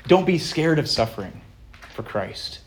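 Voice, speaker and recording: A man preaching a sermon as pastor, earnest, slowing down and swelling louder on the key phrases. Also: a little high, big pitch swings, a little hiss or hum.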